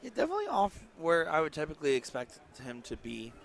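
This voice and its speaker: A man's voice: a little high, wildly swooping pitch, fast, gravelly. A man doing live darts commentary with a jokey, bantering, self-mocking manner, calling the match from a casino event hall.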